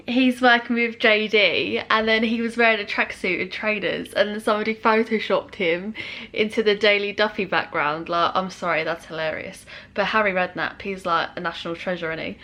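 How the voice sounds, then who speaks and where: A woman talking casually as she hosts a reaction video, chatty and quick to laugh. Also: mid-range voice, sharp tone. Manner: chatty, pauses the track to comment, laughs often.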